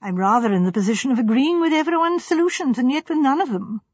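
A woman's voice: high voice, lively intonation, quick pace, a little mellow, breathy edge, dry recording, pitched above the performer's own voice. A woman reading the part of a mild, self-effacing grizzled male doctor who talks diffidently. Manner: diffident, apologetic. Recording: slightly dull, dry recording.

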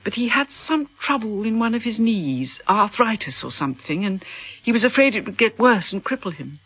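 A sentimental rich widow who gushes and sighs through every sentence, her pitch swooping widely in a bright, slightly husky voice. It sounds like an old radio play, dull and lo-fi, with a dry close sound. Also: big pitch swings, normal speed, no room sound, exaggerated voice. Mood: gushing. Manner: effusive, melodramatic, sighing. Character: gushing wealthy middle-aged widow, self-pitying and sentimental. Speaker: character in a radio drama. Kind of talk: radio drama acting.

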